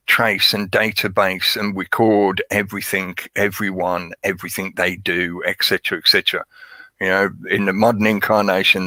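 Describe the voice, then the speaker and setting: A man's voice: lowish voice, bright, forceful tone, dry recording, low-quality recording. A man hosting a casual livestream, talking at length in a rambling way and greeting chat viewers by name. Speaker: livestream host.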